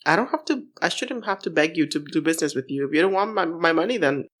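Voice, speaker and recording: Low-voiced woman cohost, blunt, swears a lot, mixes in some spanish. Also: expressive, quick pace. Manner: blunt and opinionated, swears casually, drops in Spanish phrases. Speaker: podcast co-host. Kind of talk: casual chat.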